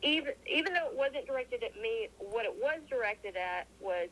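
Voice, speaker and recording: A woman's voice: fairly high pitch, moderate pace, hardly any pauses, poor audio. A woman guest in an interview, telling a personal story casually, acting out the voices of the people she quotes, with many restarts. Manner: animated, acts out quoted dialogue, frequent restarts.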